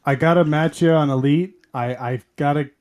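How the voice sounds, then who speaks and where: A man in casual podcast chat, easygoing and measured. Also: fairly high pitch, a little mellow. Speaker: podcast co-host.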